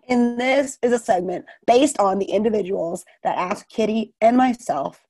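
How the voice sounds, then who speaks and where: A woman's voice: on the high side, slow pace, warm tone, no echo. A young woman co-hosting a podcast, chatting casually and reacting with amused, laughing asides. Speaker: podcast co-host.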